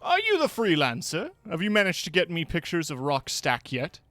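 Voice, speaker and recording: A man voicing a brash, self-important male newspaper clerk in a game, talking in a loud, smug, bouncy way. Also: fairly high pitch, huge pitch swings, moderate pace, no echo, pitched above the performer's own voice. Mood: brusque.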